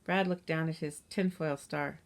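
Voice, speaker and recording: Female storybook narrator, steady, gentle read-aloud, lowish voice. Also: moderate pace.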